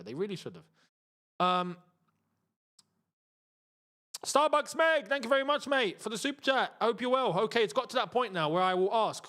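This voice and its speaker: A young man hosts a live football watchalong in a high, light voice. He talks casually in slang and reads out viewers' messages in between. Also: a bit bright. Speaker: host.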